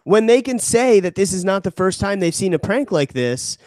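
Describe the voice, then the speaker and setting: A man's voice: high-pitched, animated, moderate pace, darkish tone, dry recording. A young man co-hosting a podcast in casual banter, joking around and swearing freely. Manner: joking, swearing, puts on mock Canadian voice. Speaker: podcast co-host.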